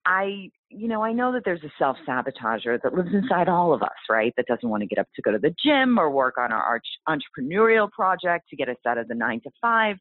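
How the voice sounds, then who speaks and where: Woman guest, low voice with big swings, animated storyteller; dry, phone-quality audio. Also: a little fast, few pauses, no echo. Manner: animated, exclaiming, acts out quoted voices. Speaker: guest author. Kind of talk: storytelling in a podcast interview. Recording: tinny phone-like line.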